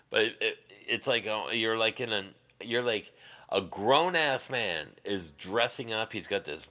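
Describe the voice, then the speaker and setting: On his live stream, a man chats casually and answers viewers in a rambling, crude way, with quick laughs and lots of restarts. His voice is on the low side, pushed and bright.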